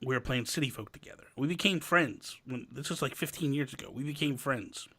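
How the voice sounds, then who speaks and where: A man's voice: mid-range voice, fairly quick, husky. A man in his thirties hosting a podcast, chatting casually and acting out quotes in his stories. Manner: animated storyteller, acts out quotes. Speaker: podcast host. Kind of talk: casual chat.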